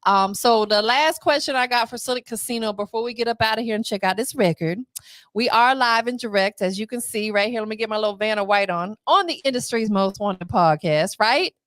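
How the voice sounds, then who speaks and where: Woman, podcast host, upbeat, casual chat, slightly high voice, dry. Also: a little fast, a bit bright, no room sound. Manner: hype, upbeat, promotional.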